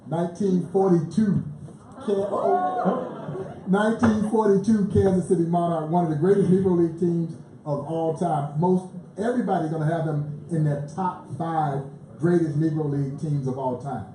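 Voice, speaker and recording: A man, a museum president, telling lively baseball stories as a guest at a live panel, chuckling as he goes. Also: on the high side, normal speed. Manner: animated storyteller who chuckles through his tales. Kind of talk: lively anecdotal storytelling on stage. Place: live event in a bar venue. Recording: echoey live venue, faint background noise.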